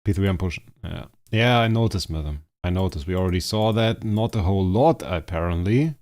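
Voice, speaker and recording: A hoarse man streaming a game live, commentating and fretting over a rival player while talking to his chat. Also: low voice, animated, fairly quick, darkish tone. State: hoarse, strained voice.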